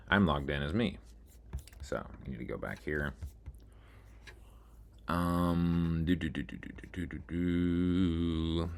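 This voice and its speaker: This video blogger has an extremely low-pitched voice, heard over slight background noise. He drifts through a casual screen-share monologue, muttering to himself, mocking himself, and narrating as he scrolls and clicks.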